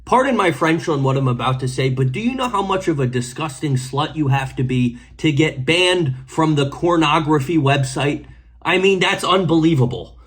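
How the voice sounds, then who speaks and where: A man's voice: on the high side, expressive, moderate pace, fairly bright tone, slightly rough. A man hosting a commentary video, speaking in a blunt, indignant and sarcastic way. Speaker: host.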